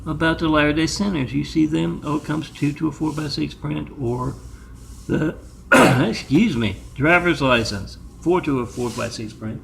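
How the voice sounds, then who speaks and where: A man's voice: a little high, normal speed, creaky, a bit bright, a little hiss or hum. A man talking in a long, digressive monologue, often stopping to spell out numbers and web addresses letter by letter. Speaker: video maker. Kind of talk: rambling monologue.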